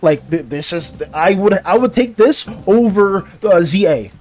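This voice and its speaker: A young man in his twenties chatting casually on his art stream, excitable and ranting, tripping over restarts and breaking into laughs. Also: high voice, unhurried, faint music behind. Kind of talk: casual live-stream chat.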